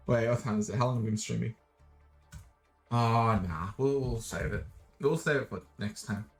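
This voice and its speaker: Australian young man, goofy game streamer, casual chat, mid-pitched voice, faint music behind. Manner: goofy, playful, swears, sings robot noises.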